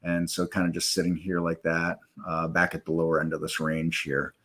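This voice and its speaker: Low-voiced man hosting a trading stream. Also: completely flat delivery, normal speed, fairly bright tone. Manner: loose, rambling, with many fillers and self-corrections. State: hiccups. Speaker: live trading room host. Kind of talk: casual live-stream software walkthrough.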